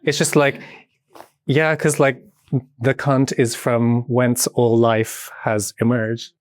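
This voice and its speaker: Playful, animated British man. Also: mid-range voice, takes it slowly, no echo. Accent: British English. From Britain. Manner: animated and playful, often laughing, many filler words. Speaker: podcast guest, movement artist. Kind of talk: casual chat.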